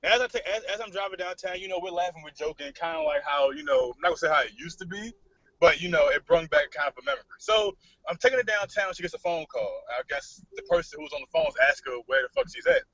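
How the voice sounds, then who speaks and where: A man co-hosting a podcast, telling a story in casual chat, cursing freely and animated. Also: sits high, fast talker, no room sound. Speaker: podcast co-host. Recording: dull lo-fi podcast recording.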